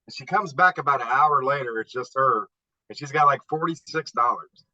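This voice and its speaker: Man, casual storyteller, sharp bright tone, slightly dull call audio. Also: mid-range voice, normal speed, no echo. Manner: animated, profane yarn-spinner. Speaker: meeting regular telling a story. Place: home garage.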